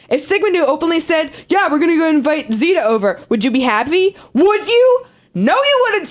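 A woman reading a profane, aggressive email aloud in a mocking, angry tone. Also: high-pitched. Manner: aggressive, mocking, lots of swearing.

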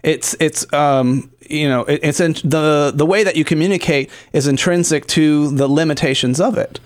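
A man with a somewhat high voice trades casual banter as a talk show co-host. He rambles along, stopping often for fillers and starting his sentences over. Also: normal speed. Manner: rambling, many fillers and restarts.

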